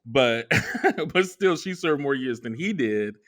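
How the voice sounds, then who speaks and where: A man's voice: medium pitch, lively intonation, slow, fairly bright tone. A man co-hosting a podcast in casual chat, rambling and often trailing off to restart a thought. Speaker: podcast co-host.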